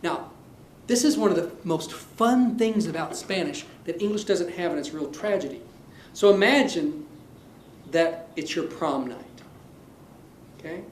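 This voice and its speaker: A male Spanish teacher with a fairly high voice talks in an animated, playful way and acts out small scenes. He sounds like he is in an echoey room, with faint noise behind him. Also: a little slow, long pauses. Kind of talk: classroom lesson.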